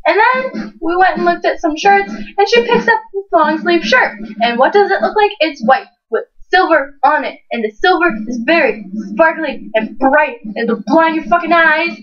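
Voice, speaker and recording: A woman's voice: sits high, fairly quick, few pauses. A sixteen-year-old girl telling a story in casual chat, swearing freely and acting out what people said. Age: teens. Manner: swears freely, animated retelling with voiced quotes. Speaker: co-host. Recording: distant, dull lo-fi home mic.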